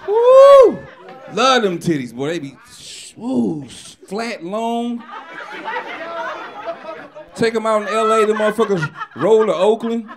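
Man, stand-up comic, high-pitched, shouting, laughing crowd, live stage recording. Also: unhurried, pauses often, noisy background. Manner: loud, crude and animated, often shouting punchlines. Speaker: stand-up comedian. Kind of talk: stand-up comedy set. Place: comedy club stage. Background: audience laughing.

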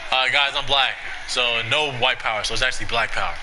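A young man from the United States streaming a football video game, chatting casually with boastful, excitable trash talk. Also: medium pitch, fairly quick, noisy background. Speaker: gaming streamer. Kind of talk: casual live gaming stream.

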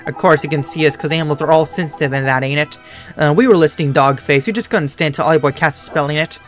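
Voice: mid-range voice, fast talker, faint music behind, voice pushed down, natural voice. A gamer voicing a cheeky, slangy fairy sidekick. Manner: chatty, slangy, teasing.

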